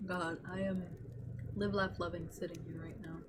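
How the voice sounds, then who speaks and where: A woman's voice: lowish voice, flat delivery, moderate pace, noisy background. A young woman streamer rambling in casual chat, gushing and swearing freely.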